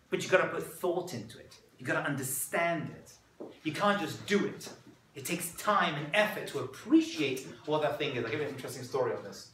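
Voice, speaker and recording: Man rabbi lecturing, high bright voice, very lively pitch, echoey room heard from afar. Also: distant mic, slight background noise. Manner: animated, acts out quoted voices, jokes with audience. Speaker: rabbi giving a talk. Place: room with audience.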